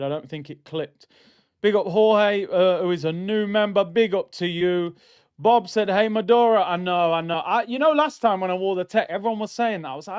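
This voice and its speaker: Brief: young streamer, high voice, exasperated banter, slightly dull lo-fi mic. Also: male voice, clean tone. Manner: animated, exasperated banter with chat. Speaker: football watchalong streamer. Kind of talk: casual live-stream chat.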